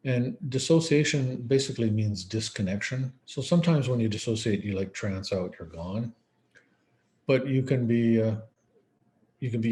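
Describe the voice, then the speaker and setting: Case stories come through in a relaxed, storytelling style as this man, speaking as a psychiatrist at a conference lecture, acts out quoted dialogue. His medium-pitched voice is dark in tone, at normal speed.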